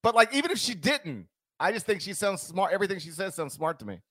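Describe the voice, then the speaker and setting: A man's voice: high-pitched, sing-song, fast talker, sharp tone, no room sound, clean studio sound. A man with a Southern American accent, co-hosting a sports podcast, playful and laughing often. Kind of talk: casual sports talk.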